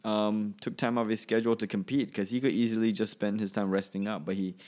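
Quick-paced and level, the speaker has a lowish, darkish voice. He's a male comedian delivering a solo podcast monologue, offhand and wandering, often breaking off and beginning his sentences anew.

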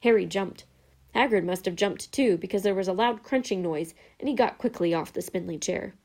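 A woman narrating a storybook in a calm, even reading voice. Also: medium pitch, moderate pace.

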